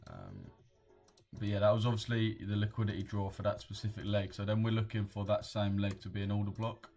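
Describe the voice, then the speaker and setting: This time the young British trading streamer sounds animated, his lowish, darkish voice carrying some vocal fry as he talks briskly. He keeps the chat casual and full of slang, reading viewer comments over soft music.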